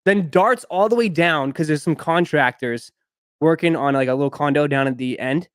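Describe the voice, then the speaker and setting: A man's voice: on the high side, normal speed, clean tone, no echo, clean studio sound. A young man hosting a live stream, chatting casually and telling a long rambling story with lots of fillers. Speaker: sneaker live stream host.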